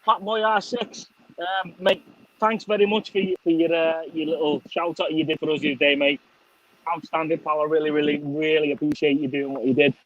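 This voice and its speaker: Sweary Liverpool man, chummy and bright-voiced. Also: on the high side, level tone, brisk, muffled recording. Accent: Liverpool, softened by Scottish. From England, Liverpool. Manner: sweary, chummy, calls everyone mate. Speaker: motorcycle vlogger hosting a live stream. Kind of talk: casual live-stream chat.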